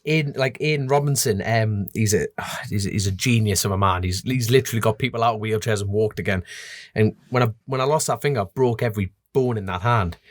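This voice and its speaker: A man with a North East English accent, a guest telling racing stories in a casual, animated way and laughing often. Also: on the low side, quick pace, dry recording, studio quality. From North East England. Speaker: podcast guest, road racer. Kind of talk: casual chat.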